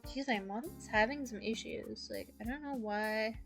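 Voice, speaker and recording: A woman's voice: on the high side, normal speed, creaky, soft background music. A young woman streamer chatting casually and giggling often, speaking close into her mic. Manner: giggly, laughs often between sentences. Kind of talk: casual chat. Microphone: mic very close to the mouth.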